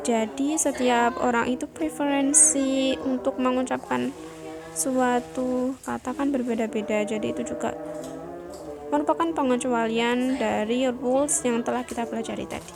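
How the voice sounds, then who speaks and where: A young woman with an Indonesian accent talks through her part of a class lesson. She is chatty and relaxed, and she often explains things again in her own words. Her voice sits fairly high, and clear background music plays under her. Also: normal speed, rough recording. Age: young adult. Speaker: student presenter. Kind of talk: casual class presentation. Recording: music playing behind.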